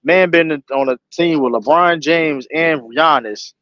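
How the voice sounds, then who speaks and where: A man hosting a casual sports chat, animated, full of fillers and swearing. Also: on the high side, a little slow, no echo, lo-fi sound. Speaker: show host.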